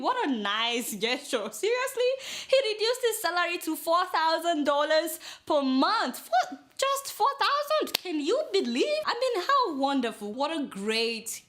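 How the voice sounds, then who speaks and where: A woman's voice: high voice, fairly bright tone. A young woman hosting a comic news show, mock-outraged and scolding her producer. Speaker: satirical news show host.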